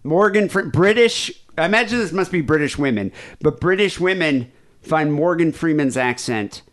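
A podcast host, male, talks in a casual chat with a slightly high, expressive voice that's a bit nasal, at normal speed. He rambles and pokes fun at himself.

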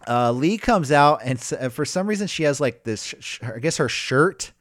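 A man chatting casually as co-host of a wrestling show, recapping matches with jokes and the odd swear. His pitch rises and falls a lot. The sound is dry and close. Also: normal speed, dry recording. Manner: animated, loose, swears, mocks wrestlers in high shouted voices.

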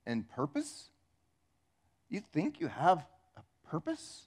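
A man's voice: on the high side, wildly swooping pitch, takes it slowly, a little mellow, pitched below the performer's own voice, full character voice. A man voicing Satan as a scornful accuser in a sermon, taunting and mocking. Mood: sneering. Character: sneering Satan, accusing male devil.

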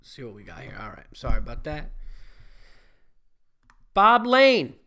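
Hosting his own podcast solo, this man rambles casually, cracking jokes and swearing freely in a loose monologue. He speaks quickly in a fairly low voice.

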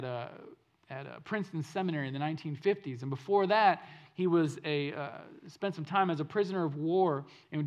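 A male pastor preaching a sermon in an earnest way, repeating phrases for emphasis and telling stories, swinging from loud to hushed. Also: a little high, muffled recording. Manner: storytelling delivery that swings between loud and hushed.

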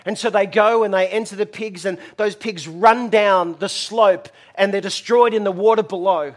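A man's voice: high voice, normal speed. A man preaching a sermon, telling stories animatedly and acting out voices. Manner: animated storytelling, acts out voices and shouts. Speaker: pastor.

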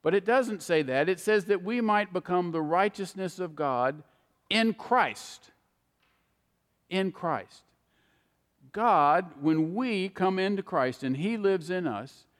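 Male preacher with a high voice. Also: lively intonation, in a large hall. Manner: repeats key words for emphasis, slow deliberate phrasing. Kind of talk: sermon.

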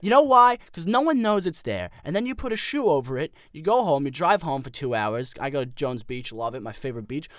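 A man's voice: fairly high pitch, animated, fairly quick, few pauses, a bit bright, dry recording, studio quality. A man playing a blustery, easily worked-up political pundit who rants as co-host of a parody podcast. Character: blustery hot-headed male political pundit.

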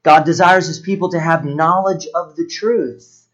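A pastor delivers his sermon in a slightly raised, earnest voice. He often lets his words sink low and soft on the weighty points. The recording sounds muffled and lo-fi. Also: measured pace.

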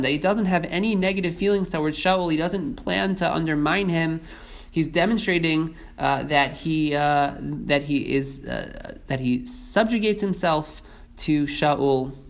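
Earnest man teaching a Bible lesson. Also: medium pitch. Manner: earnest, thoughtful, many restarts and fillers. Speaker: Torah teacher.

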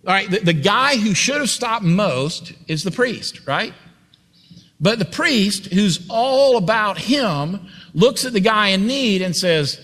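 A male pastor preaching in a church, hammering points home by repetition and speaking directly to his listeners. His voice sits a little high. A long hall reverb trails behind every phrase. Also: animated, slow, a bit bright. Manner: emphatic, repetitive preaching, talks to the congregation. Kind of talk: sermon.

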